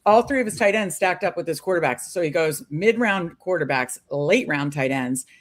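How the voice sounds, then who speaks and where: A woman's voice: lowish voice, animated, moderate pace. A woman co-hosting a live stream, chatting casually and upbeat with many fillers. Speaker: podcast co-host.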